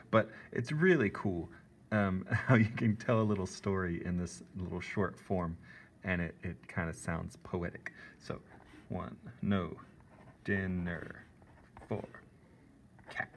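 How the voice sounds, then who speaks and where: A man's voice: fairly low pitch, vocal fry, fairly bright tone, slight background noise. A man teaching an art lesson in a playful, chatty way, laughing often. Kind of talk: classroom video lesson.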